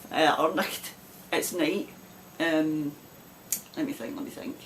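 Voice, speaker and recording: Her low-pitched voice takes things slowly with fairly even intonation, over a little hiss or hum. She's a Scottish woman with a broad Glasgow accent, casually hosting a knitting podcast to camera, laughing often and rambling off on asides.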